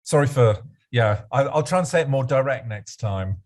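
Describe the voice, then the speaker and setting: A man's voice: mid-range voice, expressive, moderate pace, a little mellow. A man discussing policy on a video call, rambling with frequent restarts and asides. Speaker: participant in discussion.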